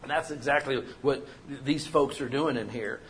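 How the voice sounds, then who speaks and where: A man preaching a sermon as pastor, animated and joking, acting out the people he quotes. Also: medium pitch, moderate pace, a little hiss or hum.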